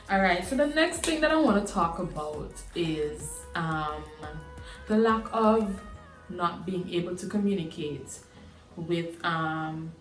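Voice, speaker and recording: A woman from the Caribbean telling a story in a casual vlog, animated and exasperated. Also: mid-range voice. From Antigua, Caribbean. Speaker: vlogger. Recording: roomy echo with faint music.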